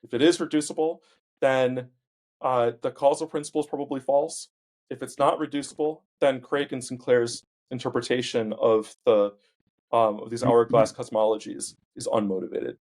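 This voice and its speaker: Philosopher guy explaining stuff, lots of ums, average pitch voice. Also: steady tone, moderate pace, darkish tone. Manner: explanatory, many ums and uhs. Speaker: philosopher guest. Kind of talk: casual academic discussion.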